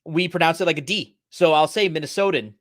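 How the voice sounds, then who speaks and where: A man's voice: on the high side, steady tone, fairly quick, no room sound. A Canadian man with a Canadian accent, chatting casually with dry, self-deprecating humor. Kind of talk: casual chat.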